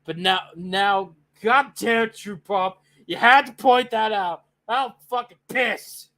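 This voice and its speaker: A young adult streamer ranting excitedly and profanely in a casual live-stream reaction, with loud outbursts. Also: medium pitch, takes it slowly.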